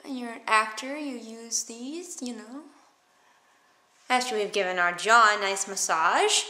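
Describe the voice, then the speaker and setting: A woman's voice: a little high, measured pace, sharp tone. Playful woman in an echoey room. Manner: playful, exaggerated mouth movements. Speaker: theatre teacher. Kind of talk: demonstrating vocal warmups.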